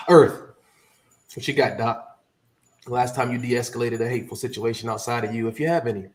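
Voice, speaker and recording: A man hosting a casual discussion and passing questions to his co-hosts in a relaxed way. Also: mid-range voice, moderate pace, background noise. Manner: relaxed, short prompts to the guests. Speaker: podcast host leading the discussion.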